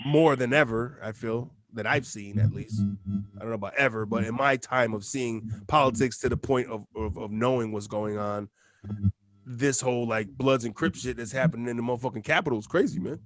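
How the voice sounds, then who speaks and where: A man's voice: mid-range voice, a little fast, a bit bright, faint music behind. A man co-hosting a podcast, riffing in loose, profane casual chat. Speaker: podcast co-host.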